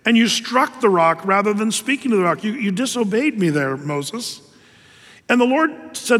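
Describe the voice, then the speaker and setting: A man preaching a sermon, telling the story lively with acted asides. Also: high voice, normal speed, in a large hall.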